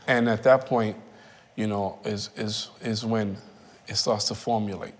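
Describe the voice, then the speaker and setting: A man in his thirties giving personal testimony in a reflective, halting way, often repeating phrases. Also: fairly low pitch, steady tone. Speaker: interviewee. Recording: reverberant room.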